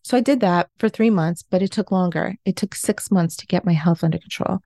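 A woman in her forties, a life coach, tells her own story in an interview, earnest, confessional and self-questioning. Her voice sits on the low side, brisk and gravelly with a dark tone. The studio recording has no echo.

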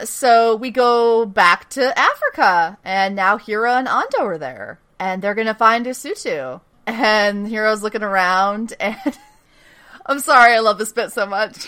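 A woman talks through a TV episode on a casual podcast, her voice sitting a little high and swinging widely in pitch. She giggles often and jumps into playful voices for the characters as she retells scenes. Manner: animated and giggly, acts out characters' lines in quick voices. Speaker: podcast co-host recapping a TV episode. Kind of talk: casual chat.

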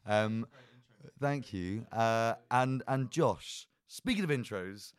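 A man's voice: mid-range voice, animated, takes it slowly, smooth, no room sound. A man hosting a podcast, chatty and rambling with many ums as he introduces his guest. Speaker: podcast host.

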